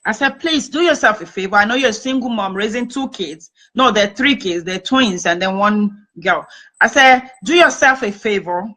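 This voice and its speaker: A woman's voice: medium pitch, moderate pace, bright, forceful tone, low-quality recording. A woman chatting on a talk show, earnestly giving advice and retelling conversations. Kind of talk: casual talk-show chat with storytelling.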